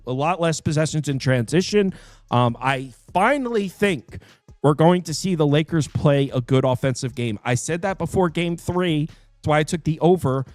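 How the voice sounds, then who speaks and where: A man hosting a sports betting picks show, talking casually and quickly, full of fillers and quick asides. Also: a little high, no room sound. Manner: animated, quick, with fillers and self-interrupting asides.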